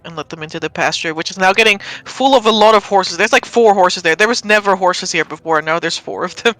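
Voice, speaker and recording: A woman's voice: medium pitch, brisk, fairly bright tone, rough recording. A woman acting as dungeon master, narrating a tabletop game in a playful, chatty way. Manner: playful and chatty, often laughing.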